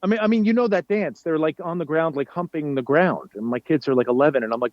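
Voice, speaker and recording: A man's voice: fairly high pitch, dry recording, lo-fi sound. A man in his forties from New York, chatting casually as a guest and telling stories with lots of fillers and restarts. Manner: animated storyteller, halting with fillers and restarts. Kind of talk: casual chat.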